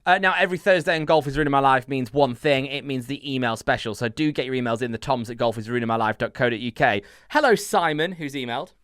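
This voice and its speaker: A man's voice: mid-range voice, quick pace, few pauses, fairly bright tone, clean tone, dry recording, clean studio sound. A British man co-hosting a casual podcast, reading listener emails aloud with wry, self-deprecating asides. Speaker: podcast co-host.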